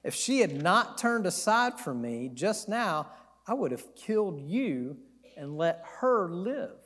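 A man's voice: high-pitched, very animated, takes it slowly, fairly bright tone, long reverb tail, exaggerated voice. A man voicing a stern angel who admonishes and warns. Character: stern warning angel with a sword.

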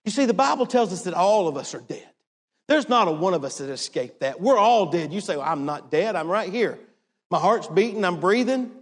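High-pitched preacher man in a reverberant hall. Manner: emphatic preaching, repeats "listen", shifts from hushed to raised. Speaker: pastor. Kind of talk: sermon.

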